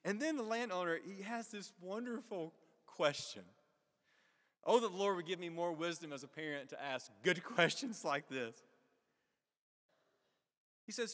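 A pastor preaching, with a fairly high voice. He asks his listeners questions and voices the characters of the story as he goes. His words ring on with the long reverb of a big church hall. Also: expressive, unhurried, long pauses, a bit bright. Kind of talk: sermon.

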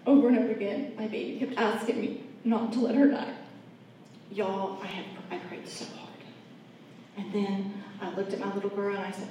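A woman's voice: medium pitch, fairly even intonation, moderate pace, dark tone. Earnest woman in echoey room. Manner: earnest heartfelt storytelling, addresses audience directly. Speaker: speaker sharing a personal testimony. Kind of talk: faith testimony talk. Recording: echoey room, mic at a distance, faint background noise.

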